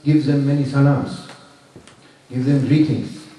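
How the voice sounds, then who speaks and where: A man voicing a homesick male parrot in a cage, pleading in an earnest, halting way. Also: medium pitch, steady tone, dark tone, a little hiss or hum, natural voice. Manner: earnest, halting, repeats himself. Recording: echoey room from far off.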